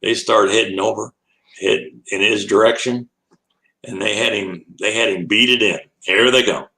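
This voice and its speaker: Older guy telling a story, low voice but bright, chuckles a lot and does the voices. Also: moderate pace, low-quality recording. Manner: laughs often, acts out voices in his anecdotes. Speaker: animal educator and guest. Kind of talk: animated storytelling.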